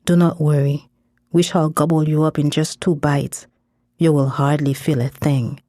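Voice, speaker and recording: A woman's voice: low-pitched, little pitch movement, moderate pace, mellow, dry recording, studio quality. A woman voicing a many-voiced monster that whispers soothing threats in an audio fiction reading. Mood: coaxing menace.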